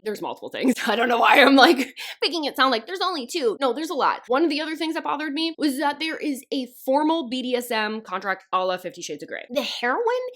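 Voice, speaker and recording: An exasperated woman reviewing books in a casual rant. Her voice sits a little high and swings around a lot, punctuated by swearing and laughs. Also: a bit bright. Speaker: book reviewer. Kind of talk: casual ranting review to camera.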